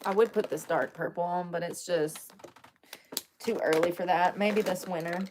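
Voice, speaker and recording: A woman's voice: fairly low pitch, steady tone, normal speed, background noise. A young woman chatting casually with viewers while doing her makeup, joking and confessional, laughing often. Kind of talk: casual live-stream chat.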